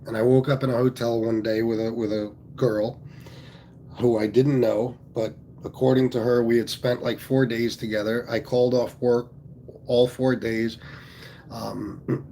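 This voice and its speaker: A man's voice: medium pitch, steady tone, normal speed, darkish tone, slight background noise. A man from Pennsylvania hosting a casual livestream, talking bluntly with plenty of swearing and reading viewer comments aloud. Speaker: livestream host.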